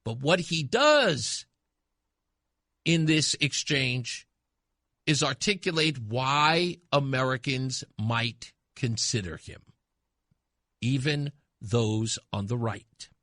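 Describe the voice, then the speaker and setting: A man hosting a talk radio show, giving emphatic, impassioned commentary that swings from loud to hushed. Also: medium pitch, expressive, slow, dry recording, studio quality.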